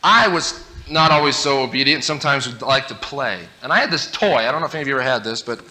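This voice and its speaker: A man tells funny stories in a talk to an audience, making fun of himself. His voice is very bright and a bit sharp, and his pitch jumps around a lot as he tells the story. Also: fast talker. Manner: animated, self-mocking. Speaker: speaker.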